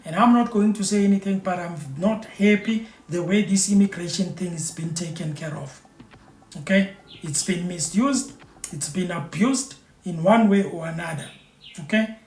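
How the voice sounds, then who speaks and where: A man's voice: sits high, normal speed, darkish tone. A South African man giving opinionated commentary as a vlogger, emphatic and repeating phrases for emphasis. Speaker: vlogger reacting to news. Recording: roomy echo.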